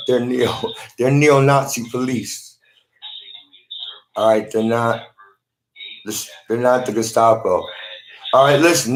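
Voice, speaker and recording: A man's voice: mid-range voice, fairly even intonation, a little slow, long pauses. A man talking to a phone in a rambling monologue, often repeating and restarting his words.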